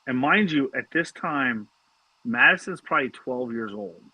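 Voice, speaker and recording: A man's voice: mid-range voice, expressive, moderate pace, bright, forceful tone, husky, dry recording, low-quality recording. A middle-aged man, co-hosting a casual chat and telling a family story with lots of swearing and stammered restarts. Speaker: podcast co-host.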